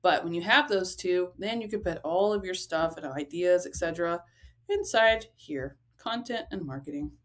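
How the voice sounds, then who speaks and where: A woman's voice: on the low side, moderate pace. A young adult woman giving a casual tutorial on running a travel business, talking directly to viewers and often asking "right?" and "okay?". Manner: chatty, direct, rhetorical asides like "right?" and "okay?". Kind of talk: casual screen-share tutorial.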